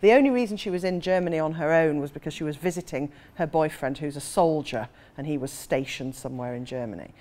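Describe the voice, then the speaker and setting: A woman's voice: deep voice, fast, few pauses, a little mellow. A woman in her forties, an author, telling a self-mocking anecdote with frequent laughter. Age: 40s. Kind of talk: anecdotal storytelling.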